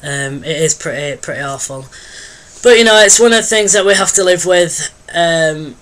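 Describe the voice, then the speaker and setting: A man's voice: a little high, moderate pace, a bit bright. A young man giving a casual video diary update, rambling and hesitant with lots of ums and restarts. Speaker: vlogger.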